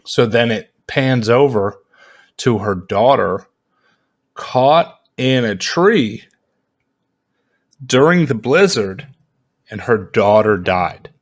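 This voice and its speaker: A man casually reviewing a movie in a vlog, rambling and animated, with lots of fillers and frequent laughs. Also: medium pitch, slow pace, long pauses.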